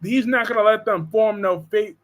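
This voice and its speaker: A man's voice: high voice, normal speed, highs cut off. A man hosting a casual live stream from home, joking and reading viewer comments aloud. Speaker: live-stream host discussing soap operas.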